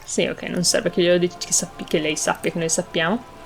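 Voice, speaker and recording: An Italian woman streamer tossing off quick, offhand remarks while she plays. Her voice is fairly low, and she keeps her asides soft and under her breath. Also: level tone, gravelly, slight background noise. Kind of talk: casual game commentary.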